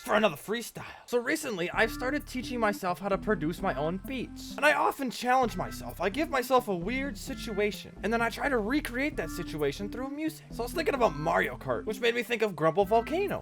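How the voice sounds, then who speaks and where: A man's voice: sits high, gravelly, a bit bright. A man hosting a gaming video, telling comic stories over gameplay and laughing at his own jokes. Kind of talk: joking storytelling over gameplay.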